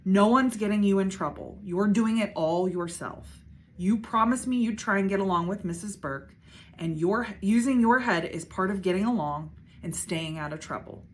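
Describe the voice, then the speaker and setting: A woman voicing a stern, tired father giving a firm, measured lecture in a storybook read-aloud. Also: mid-range voice, natural voice.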